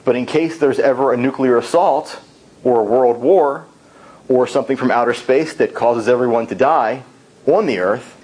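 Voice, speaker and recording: Stern, self-important male shadow president who likes his own voice, husky, mid-pitched, put on by a man telling a tall tale. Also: normal speed, a little mellow, natural voice, low-quality recording. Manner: stern, long-winded.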